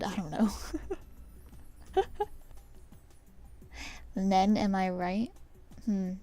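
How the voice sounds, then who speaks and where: A woman's voice: mid-range voice, flat delivery, slow, creaky, pauses often, warm tone, soft background music. A young woman streaming herself painting her nails, chatting with viewers in a rambling, self-deprecating way. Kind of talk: casual chat while painting nails on stream.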